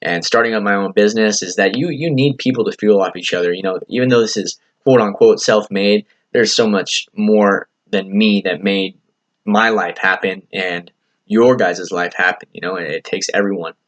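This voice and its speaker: Male podcast host, slightly low voice, loose motivational monologue, earnest and rambling, swears casually. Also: moderate pace, dull audio. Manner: earnest, rambling, heavy on "you know" fillers and swearing. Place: lives in California.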